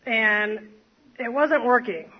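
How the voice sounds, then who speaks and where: A woman's voice: a little high, slow pace, husky, highs cut off. A woman telling her recovery story to a group, rambling with many fillers and self-mocking laughs. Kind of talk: personal testimony to a group. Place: standing before an audience.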